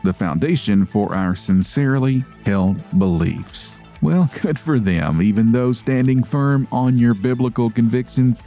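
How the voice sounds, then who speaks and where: A man reading a news segment on a radio show in a steady, measured delivery. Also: mid-range voice, faint music behind.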